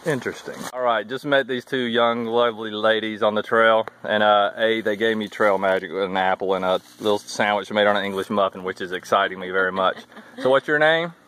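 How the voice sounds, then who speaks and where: A man vlogging casually as he hikes a trail, chatty and wry, thinking out loud. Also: lowish voice, little pitch movement, fairly quick, few pauses, poor audio. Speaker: thru-hiker vlogger. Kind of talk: casual walking vlog. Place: outdoors on a wooded hiking trail. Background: faint outdoor ambience.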